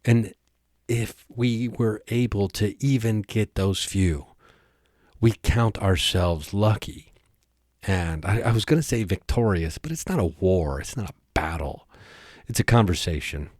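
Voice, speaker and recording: A man's voice: lowish voice, unhurried, darkish tone, dry recording, clean studio sound. A man hosting a podcast, talking in a rambling, jokey yet earnest casual monologue. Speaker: podcast host.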